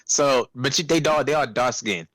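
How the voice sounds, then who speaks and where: A young man casually telling a profane, animated story about a fast-food job, acting out customers' voices. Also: medium pitch, no echo. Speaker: podcast co-host.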